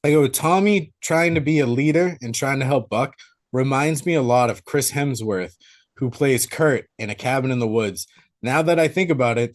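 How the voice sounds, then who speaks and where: A man co-hosting a podcast, chiming in bluntly with crude jokes during a casual movie chat. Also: mid-range voice. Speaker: podcast co-host.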